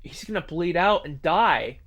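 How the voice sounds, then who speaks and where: A man's voice: a little high, lively intonation, unhurried, fairly bright tone, heavily acted. A man voicing a determined young man, speaking urgently and insistently. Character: determined young man rushing to help a friend.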